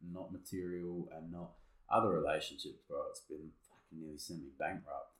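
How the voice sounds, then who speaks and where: A man's voice: a bass voice, steady tone, normal speed, recorded from a distance, a crowd in the background. A man in casual podcast chat, laid-back and swearing, mostly giving short agreements. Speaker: podcast co-host. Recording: echoey room, off-mic.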